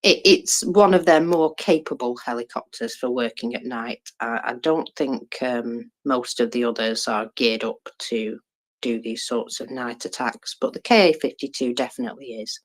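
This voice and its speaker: A woman co-hosting an online audio chat about war news, halting with fillers and restarts, with dry sarcasm. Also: a bass voice. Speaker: co-host commenting on war news. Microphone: Twitter Space audio.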